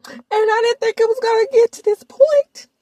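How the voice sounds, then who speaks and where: A woman's voice: fairly even intonation, moderate pace, mellow. A woman putting on a weepy grown man who sobs and apologizes through tears. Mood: sobbing. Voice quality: high, tearful, wailing.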